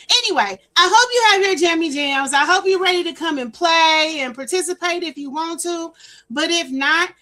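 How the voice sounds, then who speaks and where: A woman runs a casual livestream from her home setup. Her voice sits high and bright above most women's. She chats easily, doubles up her words and welcomes each viewer by name. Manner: chatty, repeats words, greets chat by name. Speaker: livestream host.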